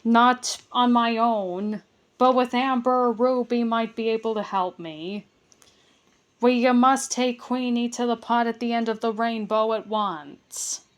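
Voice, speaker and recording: A woman voicing a gentle young female fairy in a read-aloud storybook. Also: on the high side, steady tone, unhurried, lightly acted.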